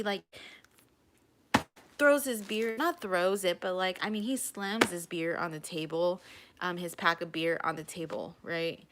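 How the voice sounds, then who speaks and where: A young adult woman telling a personal story in a casual vlog, animated and acting out what people said. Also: medium pitch. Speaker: vlogger.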